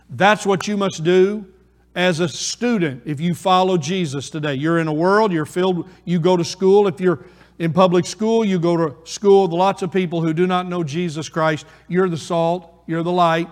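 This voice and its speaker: A male pastor preaching a sermon slowly and deliberately, repeating key phrases for emphasis. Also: high voice. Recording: reverberant hall.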